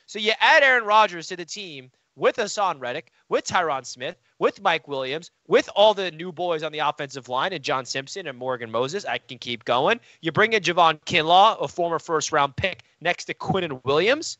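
A man's voice: a little high, normal speed, sharp tone, no room sound, lo-fi sound. A man co-hosting a casual sports debate, boastful and teasing as he argues for his team. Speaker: sports podcast co-host, Jets fan.

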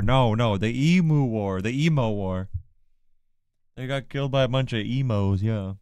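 Man, livestreamer, casual teasing banter, smooth resonant voice, dry close sound. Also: medium pitch, animated, unhurried, a little mellow, no echo.

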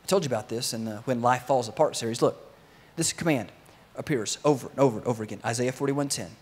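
A man preaching a sermon to his congregation, telling a story with lively energy and sometimes acting out the voices of its characters. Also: mid-range voice, fast. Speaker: pastor.

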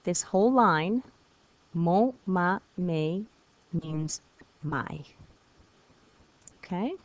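A woman French teacher giving a recorded video lesson, patient and encouraging, repeating words slowly for her students. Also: fairly low pitch, animated, dull audio.

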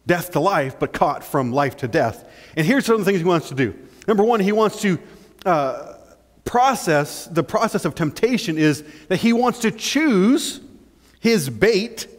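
A male pastor preaching a sermon in an animated way, acting out little scenes and often checking in with "right?". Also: fairly high pitch. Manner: animated, acts out scenes, keeps asking "right?". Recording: long church-hall reverb.

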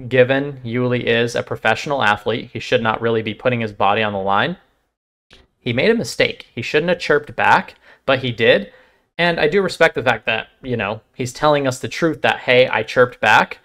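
A man's voice: medium pitch, a bit bright. A man hosting a channel and reacting to a clip, talking it through reflectively and asking lots of questions. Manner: reflective, asks a lot of questions. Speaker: channel host. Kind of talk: reaction commentary.

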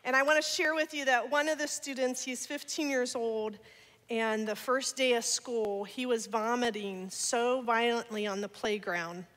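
Bright-voiced woman speaking in a church. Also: on the high side, normal speed. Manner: energetic, laughing, playful asides. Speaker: guest speaker. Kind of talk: church talk with testimony. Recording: long church hall reverb.

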